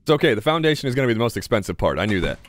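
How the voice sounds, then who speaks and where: A man's voice: mid-range voice, very animated, rapid-fire, slight background noise. Chatty young man narrating his gameplay. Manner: chatty, self-talking, mildly sarcastic. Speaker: gaming YouTuber. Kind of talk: casual gameplay commentary.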